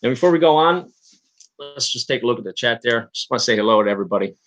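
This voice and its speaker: A man's voice: medium pitch, animated, fast talker, fairly bright tone. A man from Newfoundland with a Newfoundland accent, hosting a casual livestream, rambling with many restarts and talking to his chat. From Newfoundland, Canada. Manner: rambling, frequent restarts and fillers, talks to chat. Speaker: livestream host.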